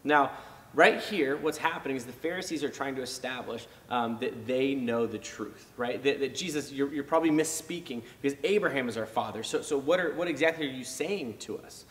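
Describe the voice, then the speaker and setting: A man's voice: medium pitch, fairly quick, recorded from a distance. Casual youth-pastor man in a reverberant hall. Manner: casual, conversational, many fillers and restarts; animated when acting out reactions. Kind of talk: youth sermon.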